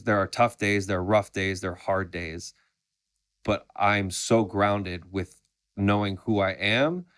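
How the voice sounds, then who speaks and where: A man in his thirties hosting an interview, speaking earnestly and reflectively with some halting restarts. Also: fairly low pitch, a bit bright, no echo, studio quality. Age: 30s. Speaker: podcast host. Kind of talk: conversational interview.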